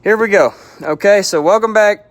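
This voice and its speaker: A man's voice: high-pitched, moderate pace, echoey room, recorded from a distance. A man who is an auto detailer, giving a live how-to demonstration outdoors in the hot sun. He is out of breath from the heat and keeps checking in with viewers as he coaches them through each step. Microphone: phone camera.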